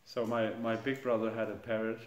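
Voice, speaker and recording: A man's voice: fairly low pitch, flat delivery, fairly quick, lo-fi sound. A middle-aged man giving an informal scripture class in a temple hall, speaking hesitantly and chuckling at his own jokes. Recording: echoey room.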